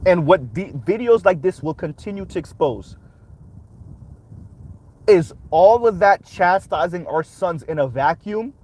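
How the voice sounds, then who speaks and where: A man's voice: high voice, lively intonation, a little slow, a little mellow, slight background noise. A man hosting a reaction commentary, talking emphatically and punctuating his points with rhetorical "right?"s. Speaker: commentary channel host.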